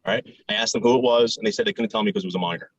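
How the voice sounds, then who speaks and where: A man's voice: on the low side, very fast, no echo. A man arguing on a group call, defensive, stammering and repeating himself. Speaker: stream guest. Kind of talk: heated group call argument. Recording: dull lo-fi call audio.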